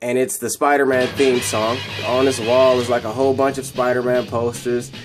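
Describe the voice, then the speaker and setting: A man's voice: medium pitch, little pitch movement, normal speed, music in the background. A man casually retelling a film scene by scene, rambling and repeating himself as he goes. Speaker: video host.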